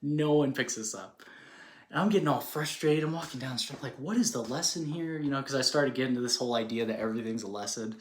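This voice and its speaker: A man telling a personal story in a casual, rambling way, full of fillers and animated retellings. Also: mid-range voice, quick pace, a little hiss or hum. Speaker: spiritual speaker. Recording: roomy echo.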